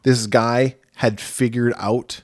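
A man's voice: mid-range voice, fairly even intonation, takes it slowly, no echo, clean studio sound. A man co-hosting a podcast, chatting casually and rambling with enthusiasm about films he likes. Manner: rambling, enthusiastic film talk. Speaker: podcast co-host. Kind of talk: casual chat.

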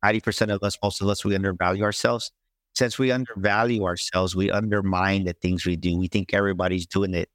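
Male guest speaker, low voice, dry close sound, animated storyteller who acts out the other voices. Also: fast, dry recording. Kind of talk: storytelling in an interview.

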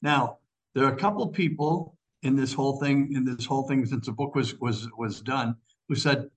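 A man's voice: mid-range voice, normal speed, rough recording. An older man, a priest and author, telling stories as a radio interview guest, often repeating his words. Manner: repeats phrases, storytelling.

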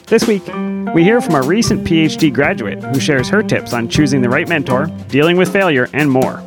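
A man's voice: fairly high pitch, animated, fairly quick, loud music behind the voice. A man co-hosting a podcast, chatting casually and laughing easily. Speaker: podcast co-host. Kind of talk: casual chat.

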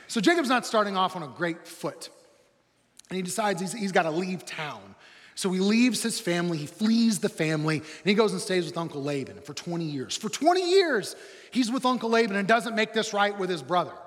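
A man preaching a sermon as pastor, telling the story in a lively, humorous way. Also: high-pitched, a little fast, in a large hall.

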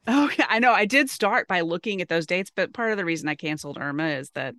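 A woman co-hosting a podcast, chatty and quick to laugh, with rambling asides. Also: fairly low pitch, expressive, a bit bright, no room sound, clean studio sound. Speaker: podcast co-host. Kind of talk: casual podcast chat.

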